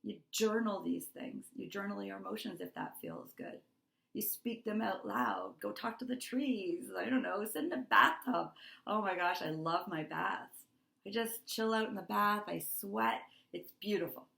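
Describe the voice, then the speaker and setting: In a roomy-sounding space, a middle-aged woman coaching wellness gives her course members an earnest motivational talk, repeating words for emphasis. Her mid-range voice is gravelly with a sharp tone, at a normal speed.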